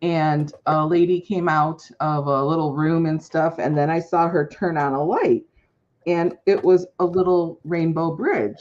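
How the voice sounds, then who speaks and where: A woman's voice: deep voice, steady tone, unhurried, a little mellow. A woman chatting casually on a crafting livestream in an easygoing, agreeable way. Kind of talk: casual chat. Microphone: video call. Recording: dull, slightly noisy call audio.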